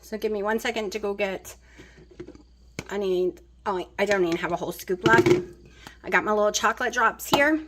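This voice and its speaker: A woman's voice: medium pitch, normal speed, noisy background. A woman chatting casually as she cooks in her home kitchen, rambling with plenty of fillers. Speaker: vlogger. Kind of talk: casual kitchen vlog chat.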